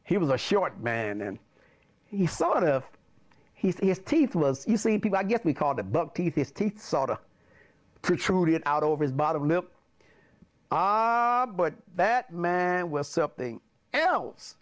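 Older man, pastor, lively swooping voice, fairly high pitch, chuckling storyteller. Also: measured pace. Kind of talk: personal storytelling.

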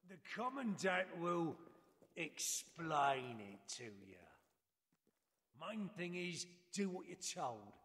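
An actor playing a gruff male drill sergeant who barks mocking orders at a new recruit. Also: a little high, sing-song, slow pace, a bit bright, big-room sound, a little hiss or hum, full character voice.

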